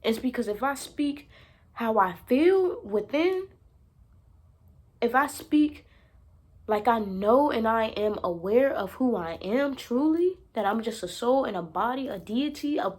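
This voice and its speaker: A young woman talks straight to her audience in a casual vlog, her voice sitting a little high. She is blunt and swears freely, hammering her points home by saying them twice. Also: a little mellow. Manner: emphatic, repeats herself for effect. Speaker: self-help vlogger. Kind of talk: casual monologue to camera.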